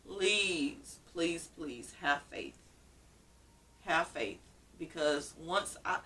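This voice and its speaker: Lady doing a casual story time vlog, bright tense tone, sounds kinda distant from the mic, repeats herself a lot. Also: low voice, expressive, extremely slow, pauses often. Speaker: vlogger.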